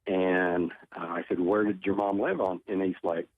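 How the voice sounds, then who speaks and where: A man's voice: low-pitched, fairly even intonation, normal speed, no echo. A man from Oklahoma, a guest on a talk show, earnestly telling a personal story and often repeating his words. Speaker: tornado survivor guest. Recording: tinny phone line.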